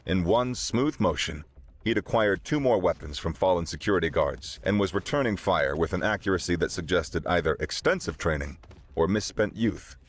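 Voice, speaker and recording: A man narrating a sci-fi story in a steady, dramatic way. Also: sits low, moderate pace, slight background noise.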